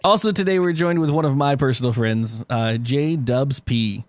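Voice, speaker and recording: A man's voice: mid-range voice, moderate pace. A man co-hosting a podcast in casual chat, tipsy, laughing and swearing as he rambles. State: tipsy from cocktails. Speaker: podcast co-host.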